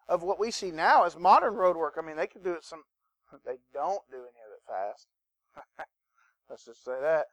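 This is a male pastor's sermon, animated and conversational, aimed straight at the people listening. The voice sits on the higher side for a man, and the sound is intimate and dry, with minimal echo.

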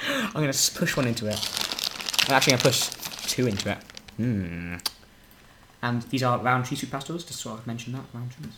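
A man's voice: mid-range voice, very animated, moderate pace, pauses often. A man chatting casually while playing a game, joking and crude. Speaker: gamer. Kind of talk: casual gaming chat. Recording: roomy home mic with faint noise.

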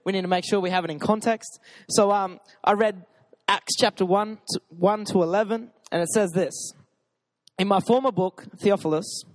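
A young man with a notably high voice delivers a sermon at a church gathering. He is casual and joking, reads scripture aloud, then spurs the crowd with "come on.". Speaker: pastor.

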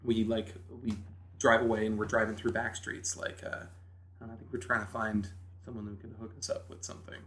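A man with a fairly low pitch talks briskly, with slight noise behind him. This New Hampshire podcast guest tells a story in easygoing conversation, bringing it to life by acting out the quotes.

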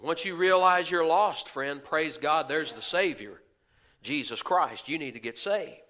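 A male pastor with a slightly high, sharp voice preaches a folksy sermon at a measured pace. He puts questions to the congregation and acts out the voices of churchgoers.

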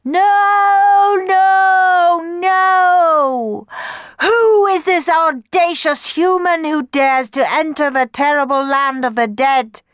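A woman's voice: lively intonation, moderate pace, few pauses, no echo, studio quality, close to an everyday voice. A woman voicing three shrieking female guardians of the underworld in a storybook reading. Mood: outraged shrieking. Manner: screaming, shrill howls.

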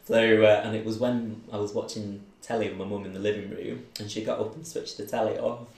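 Gravelly-voiced man telling a personal story. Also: lowish voice, flat delivery, fairly quick, roomy sound, crowd noise. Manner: chatty, laughs often, acts out voices in his story. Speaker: interviewee.

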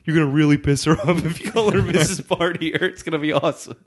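Man, somewhat high voice, chatty podcast storyteller who laughs easily. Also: fast, husky. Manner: chatty, laughs often, acts out quotes. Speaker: podcast co-host telling a story. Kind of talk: casual chat storytelling.

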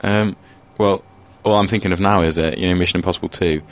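A man with a very low voice co-hosts a comedy radio show. He muses hesitantly and deadpan, restarting his sentences as he goes. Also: fast. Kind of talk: comic banter on a radio show.

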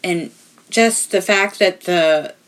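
A woman co-hosting a casual movie discussion, chatty, with quick asides and easy laughter. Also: lowish voice. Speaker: podcast co-host.

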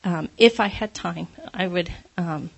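A woman's voice: on the low side, a little slow, vocal fry, slightly rough. A woman giving a conversational devotional talk, candid and self-deprecating, laughing often as she speaks.

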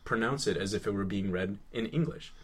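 A man co-hosting a podcast in casual chat, halting and repeating words, often laughing. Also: on the low side, a bit bright. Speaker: podcast co-host.

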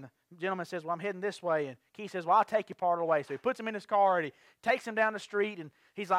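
A pastor tells stories from the pulpit in a high voice, rambling and restarting as he goes. His voice is dry and close, with no room sound. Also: fast, few pauses, no room sound. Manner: rambling, lively storytelling with many restarts. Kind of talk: storytelling sermon.

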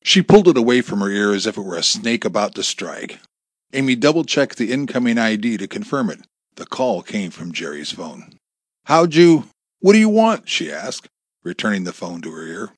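A man's voice: lowish voice, husky, dry recording, clean studio sound. A man narrating a suspense novel as an audiobook reader. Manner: measured storytelling with dramatic voices. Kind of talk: scripted narration.

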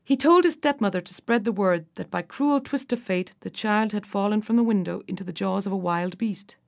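A woman's voice: mid-range voice, brisk, gravelly. A woman narrating a storybook fairy tale, her reading rising and falling with the drama. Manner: expressive, rises and falls with the drama.

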